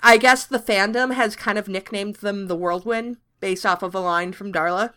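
Woman, 30s, podcast co-host; casual, bright, quick to laugh and curse. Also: medium pitch, steady tone, clear, resonant tone. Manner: laughing, swears freely. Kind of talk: casual chat.

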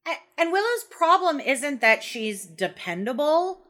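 Woman co-host, frank and animated, bright voice; casual chat. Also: high voice, measured pace. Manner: animated and frank, swears for emphasis. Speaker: podcast co-host. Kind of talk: casual discussion of a TV episode.

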